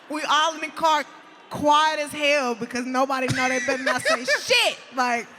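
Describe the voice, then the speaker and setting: A woman guest telling animated, profane stories in a casual interview, laughing often. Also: sits high, measured pace, long reverb tail, noisy background. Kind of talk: casual storytelling.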